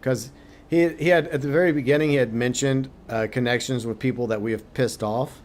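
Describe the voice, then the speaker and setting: A man hosting a game stream, chatting and speculating about the story in a thoughtful, halting way. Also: medium pitch, fairly even intonation. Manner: thoughtful, speculating, many restarts. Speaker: streamer host. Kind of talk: casual gaming chat.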